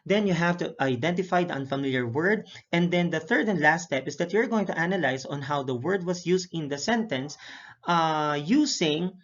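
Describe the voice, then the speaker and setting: A male English teacher recapping a lesson, speaking in a measured way, repeating each word pair slowly with frequent "okay" and "uh" fillers. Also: fairly high pitch, lively intonation. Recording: dull lo-fi recording.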